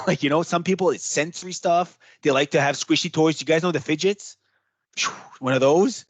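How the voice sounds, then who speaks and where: A man giving a casual workshop talk as a trainer, chatty and animated, acting out what clients might say. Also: a little high, normal speed, no room sound.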